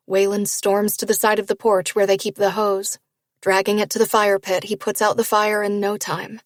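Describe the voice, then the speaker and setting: A woman narrating a first-person romance novel in a steady storytelling read. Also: medium pitch, moderate pace, dry recording, studio quality. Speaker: audiobook narrator.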